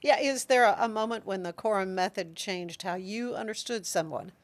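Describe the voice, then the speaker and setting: A woman's voice: medium pitch, normal speed. A woman hosting a talk show, asking short questions and agreeing briefly while her guest talks.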